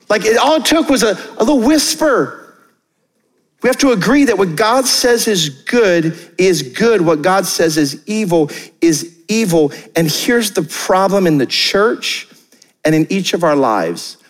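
Young male pastor with a high voice, sermon delivered in a lively, joking style, recorded in a long-reverb church hall. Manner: energetic, conversational, jokey with quick acted asides. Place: church auditorium.

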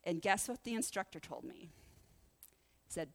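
A woman pastor preaching through a lively personal story, acting out the voices of the people in it. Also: on the low side, normal speed, creaky. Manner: animated, acts out the voices in her story. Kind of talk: sermon storytelling.

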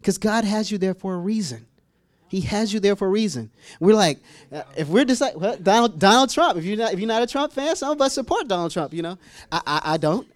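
Animated preacher, high and lively. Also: male voice, no echo. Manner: animated, acts out voices with sudden high-pitched squeals and laughs. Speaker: pastor. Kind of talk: humorous storytelling sermon.

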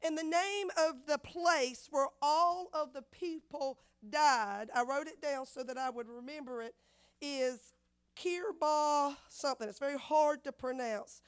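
A woman preaching a sermon, repeating phrases and acting out the voices in her story, swinging from loud to hushed. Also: high voice, measured pace. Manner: dramatic swings of loudness, acts out quotes, repeats phrases.

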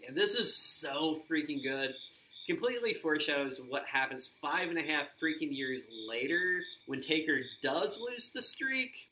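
Podcast guy, bright voice, fired up retelling stuff, faint hiss behind. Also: medium pitch, rough recording. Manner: excited, animated retelling with quoted lines. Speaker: podcast co-host. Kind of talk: casual podcast chat recapping wrestling.

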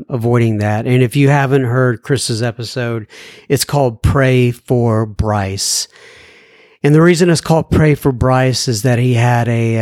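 A man with a slight Southern American accent hosting a podcast, reading listener letters in a lively, joking way. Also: mid-range voice, no room sound, clean studio sound. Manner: lively, jokey, animated when reading, turns somber. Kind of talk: casual podcast chat.

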